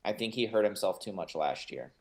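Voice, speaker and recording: A man's voice: lowish voice, expressive, a little fast, poor audio. A man co-hosting a sports podcast, talking casually and confidently, giving firm opinions with a joking edge. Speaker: podcast co-host.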